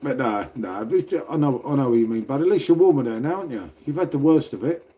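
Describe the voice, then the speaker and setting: Talking fast in a warm, expressive, medium-pitched voice, this middle-aged Brit reads his livestream chat aloud from home. He sits indoors near a radiator, rambling through casual conversation, laughing and cursing as he goes.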